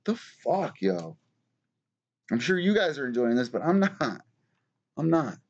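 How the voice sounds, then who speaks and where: Man, live stream host, casual commentary, profane, ranting, slightly high voice, dull lo-fi audio. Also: lively intonation, normal speed. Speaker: MMA news show host. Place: small studio apartment.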